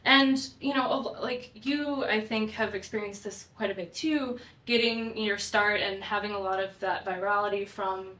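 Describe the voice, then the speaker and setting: A woman's voice: medium pitch, fairly even intonation, moderate pace, hardly any pauses, bright, forceful tone. A young woman hosting a casual interview, upbeat and chatty, often agreeing with her guest. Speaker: interviewer, show host. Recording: echoey room.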